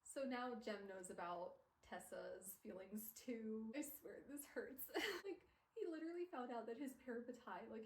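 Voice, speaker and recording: A woman's voice: a little high, darkish tone, reverberant, rough recording. A woman streamer recapping a book in casual chat, gushing and emotional, peppering her talk with "like", recorded on a phone. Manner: gushing, emotional, filler-heavy with "like". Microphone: phone camera.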